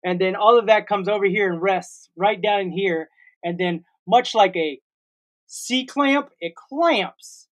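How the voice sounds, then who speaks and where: A man's voice: high-pitched, a little slow, fairly bright tone. A man in his forties, co-hosting a casual comedy podcast, telling a long rambling story with made-up sound words. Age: 40s. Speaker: co-host.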